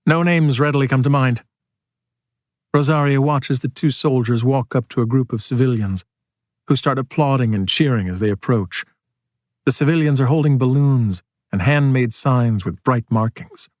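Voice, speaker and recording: A man narrating an audiobook in a steady, measured storytelling manner. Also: medium pitch, no room sound, clean studio sound.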